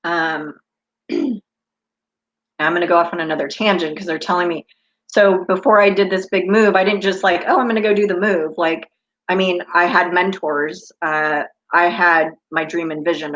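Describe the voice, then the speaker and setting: A chatty woman in her fifties hosts a spiritual live stream, her voice sitting a little low. She wanders off on tangents as she talks to her viewers, and the stream audio sounds slightly dull and lo-fi. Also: fairly bright tone. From United States. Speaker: intuitive coach hosting a live stream.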